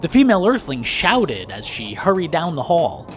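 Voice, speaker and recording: A man narrating a first-person story aloud with lively, dramatic delivery. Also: a little high, normal speed, a little hiss or hum. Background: background music.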